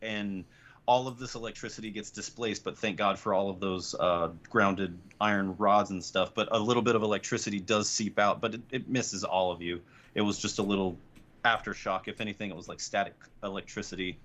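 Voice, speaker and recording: Pria pemandu permainan bersuara rendah. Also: male voice, lowish voice, fairly even intonation, a little fast, fairly bright tone, dull audio. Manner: rambling, with many fillers and restarts. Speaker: game master. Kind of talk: narrating a tabletop game.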